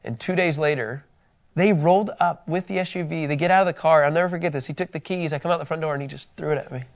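A man with a fairly high voice leads a Bible study lesson. He talks in an animated, conversational way and weaves in personal stories. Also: fast talker, creaky, highs cut off. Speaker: Bible teacher.

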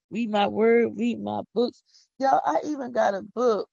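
A middle-aged woman from Philadelphia with a Philadelphia accent, hosting a casual, preachy podcast monologue with excited whoops. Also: a little high, normal speed, creaky, breathy edge, no echo. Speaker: podcast host. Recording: dull lo-fi audio.

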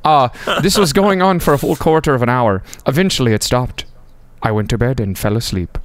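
A man's voice: medium pitch, no room sound, lightly acted. A man putting on an old Irish countryman. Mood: spooked. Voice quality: mock Irish brogue. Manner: halting, put-on reading. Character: old Irish countryman telling a ghost story.

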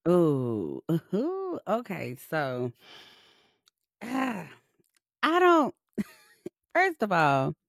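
Young woman cohost, blunt and swearing a lot, voice swings all over, lowish, dry sound. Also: drawn-out words, pauses often, no echo. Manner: blunt, animated, heavy profanity and slang. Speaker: podcast co-host. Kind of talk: casual podcast chat.

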